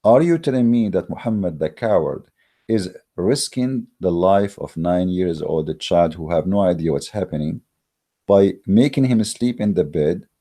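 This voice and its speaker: Low, mellow-voiced man ranting emphatically. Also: animated, normal speed. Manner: emphatic and mocking, with frequent hesitations. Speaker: channel host. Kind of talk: religious debate monologue. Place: Germany.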